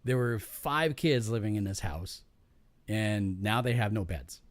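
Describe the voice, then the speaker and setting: A podcast host with a fairly low, unhurried voice and no room sound tells a work story casually. He's animated, swears freely, and acts out the voices of the people he quotes.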